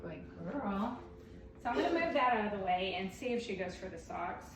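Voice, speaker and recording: A woman dog trainer explaining a training demonstration while playing, switching between excited praise and firm commands. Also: mid-range voice, normal speed, reverberant, distant mic, soft background music.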